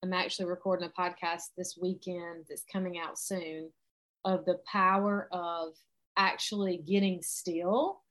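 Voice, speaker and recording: A woman's voice: fairly low pitch, measured pace. A woman, speaking as a coach in an earnest motivational talk and acting out examples of self-talk. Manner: earnest, animated, acts out inner self-talk.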